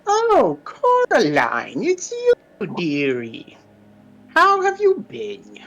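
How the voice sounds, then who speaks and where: A man voicing a sly old woman who brews potions, in a sing-song, drawn-out, mocking manner. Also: extremely high pitch, huge pitch swings, a bit bright, voice pushed up, exaggerated voice, poor audio. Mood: mock sweet.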